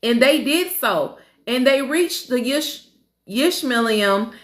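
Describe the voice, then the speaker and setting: Woman, high voice, slow careful reading, echoey room. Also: expressive. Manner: slow reading, stumbling over names, casual asides. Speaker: Bible study reader. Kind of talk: reading scripture aloud with commentary.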